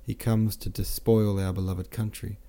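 Young woman reading a proclamation, solemn, dark tone, read by a man. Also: fairly low pitch, level tone, normal speed, lightly acted. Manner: solemn, careful.

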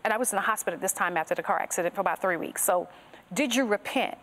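A woman's voice: fairly low pitch, steady tone, very fast, fairly bright tone. A woman guest on a podcast interview, sharing her personal faith testimony in an earnest storytelling manner that strings thoughts together with "and so".

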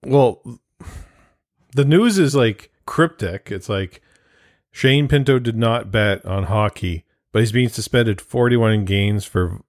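A man's voice: on the low side, no room sound, studio quality. A man co-hosting a casual sports podcast, joking around and explaining the news at length. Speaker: podcast co-host.

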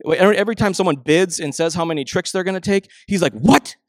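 Young male pastor, casual storytelling sermon, slightly high voice, dry close sound. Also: no echo. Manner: conversational storytelling, animated impressions of family; slows and softens for emphasis.

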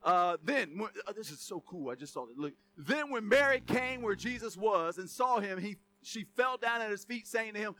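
Bright, high-voiced male preacher. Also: lively intonation, moderate pace, few pauses. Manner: conversational and joking, with asides and laughs. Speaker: pastor. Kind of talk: sermon.

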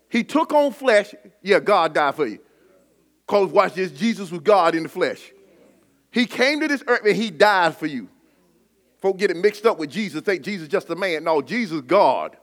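A middle-aged male preacher, giving a sermon with personal testimony and call-and-response preaching that builds to shouts. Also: high-pitched.

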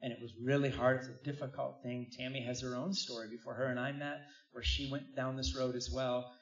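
A middle-aged man preaching a sermon, telling a personal story with lively asides to the congregation. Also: mid-range voice, a little fast. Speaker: pastor. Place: church hall. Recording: roomy, distant, dull church recording.

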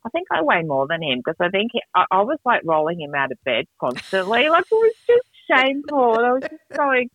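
A middle-aged woman, telling stories in a casual podcast chat, animated and quick to laugh. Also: no echo. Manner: animated, laughing, jumps between pitches. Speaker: podcast co-host. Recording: tinny phone-like dry sound.

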